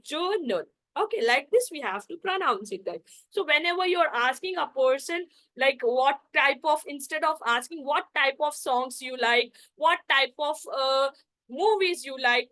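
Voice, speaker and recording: Young female tutor, high voice, chatty repetitive online lecture. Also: a bit bright, poor audio. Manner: repetitive, addresses class as guys, many fillers. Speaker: spoken English teacher.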